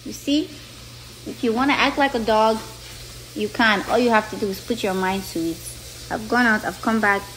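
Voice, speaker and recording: A woman's voice: a little high, moderate pace, fairly bright tone, a little hiss or hum, poor audio. A woman giving a casual, joking monologue to the camera and laughing at her own lines.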